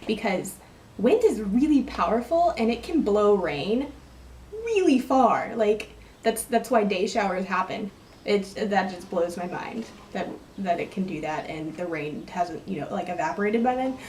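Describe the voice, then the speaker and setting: A woman's voice: medium pitch, expressive, unhurried, a little mellow, echoey room, recorded from a distance, a little hiss or hum. Rambling young Texan woman vlogger. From Texas. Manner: chatty, rambling, self-deprecating. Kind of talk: casual accent tag vlog.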